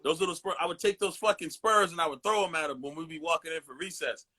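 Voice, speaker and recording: A man in his forties, a podcast guest, telling casual, profane stories about his childhood. He tells them with animated impressions. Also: on the high side, fast talker, breathy edge. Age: 40s. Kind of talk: casual storytelling chat.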